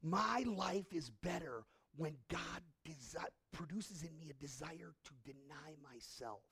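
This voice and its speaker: A middle-aged male pastor preaching a sermon in a conversational way, asking the congregation questions and swinging from hushed to impassioned. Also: a little high, measured pace, husky. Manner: conversational, asks the audience questions.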